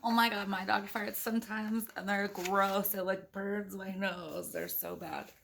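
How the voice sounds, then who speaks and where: A playful woman reads a picture book aloud, stopping for chatty asides, giggles and animal noises. Her voice sits in a middle register with a gravelly, creaky texture. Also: mid-range voice, steady tone, unhurried, fairly bright tone, a little hiss or hum. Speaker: parent reading to her children.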